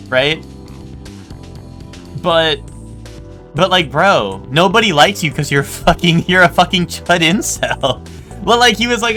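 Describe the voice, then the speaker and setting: A man's voice: on the high side, lively intonation, normal speed, sharp tone, soft background music. A young man streaming a game live, talking in a rambling, casual way with lots of swearing and "like". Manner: rambling, swears a lot, full of "like".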